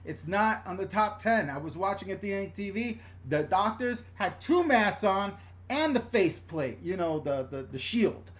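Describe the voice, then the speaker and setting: Man, middle-aged, high-pitched voice, blunt, chatty, swearing, live-stream rant at home. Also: big pitch swings, moderate pace, a bit bright. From New York / New Jersey area. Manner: blunt, chatty, swears freely, reads viewer comments aloud. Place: room at home.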